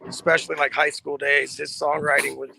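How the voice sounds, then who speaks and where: A man's voice: on the high side, little pitch movement, brisk, creaky, bright, forceful tone, slight background noise. A man in a band, talking casually and rambling reflectively with bandmates. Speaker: band member. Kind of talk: casual chat.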